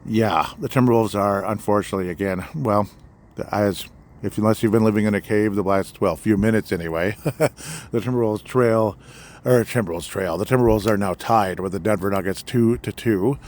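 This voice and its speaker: A man's voice: fairly low pitch, brisk, a little mellow. A man from Minnesota hosting a solo sports podcast, rambling and sarcastic with lots of fillers, recorded outdoors by a fire pit at night. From Minnesota, USA. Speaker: podcast host. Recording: faint outdoor background noise.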